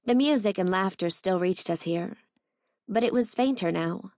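A woman reading a first-person romance novel aloud in a measured, intimate manner. Her voice sits in the middle of the usual range. The recording is dry and close, with no room sound. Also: mid-range voice, a little mellow, dry recording. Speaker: audiobook narrator.

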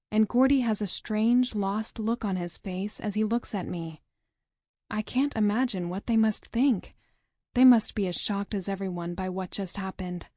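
A woman narrating a novel in the first person, with a measured, dramatic reading. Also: mid-range voice, a little mellow, dry recording, clean studio sound. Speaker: audiobook narrator.

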